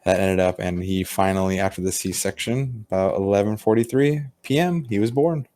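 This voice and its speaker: A man's voice: fairly low pitch, normal speed, dark tone, no room sound. A man hosting a podcast, telling a casual story with acted-out quotes and plenty of swearing. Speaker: podcast host. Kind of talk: casual chat.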